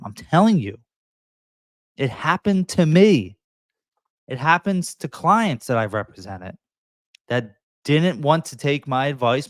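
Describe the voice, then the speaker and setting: A man's voice: mid-range voice, no room sound, studio quality. A man, a real estate agent giving emphatic advice straight to camera and briefly acting out frustrated buyers and sellers. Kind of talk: direct-to-camera advice talk.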